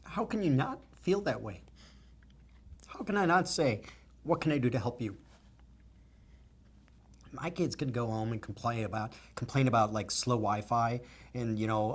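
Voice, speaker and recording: A man's voice: mid-range voice, normal speed, long pauses. A businessman answering interview questions in an earnest, emotional, stream-of-consciousness way.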